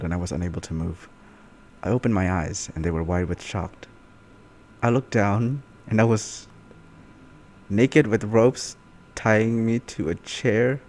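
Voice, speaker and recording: Animated low-voiced man reading aloud. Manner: animated, breaks off to laugh and comment. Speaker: YouTuber reading fan fiction. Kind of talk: comic reading with live reactions.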